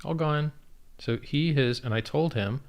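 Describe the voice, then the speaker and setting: A man's voice: a little high, unhurried. Blunt, profane man chatting on a livestream. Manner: blunt, profane, laughs at absurdity. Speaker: livestream guest and crypto founder. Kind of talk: casual livestream chat.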